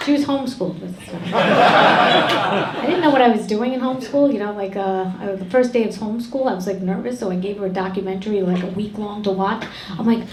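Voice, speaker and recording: A middle-aged woman performing a stand-up comedy set on a club stage, deadpan and brash with crude punchlines. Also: mid-range voice, a little fast. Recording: echoey room, loud audience noise.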